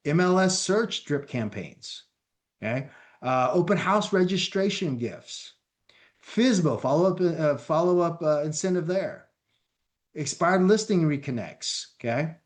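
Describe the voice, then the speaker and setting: A man giving an energetic training presentation as a company founder, talking directly to his audience. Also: a little high, unhurried. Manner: energetic, addresses audience as folks.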